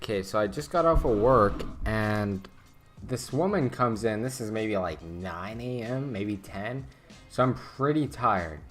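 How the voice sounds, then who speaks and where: A man's voice: lowish voice, lively intonation, a little slow, a bit bright, faint music behind. A young man streaming a game, telling a story casually, with many fillers and restarts. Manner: rambling, filler-heavy, lots of restarts. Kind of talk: casual storytelling while gaming.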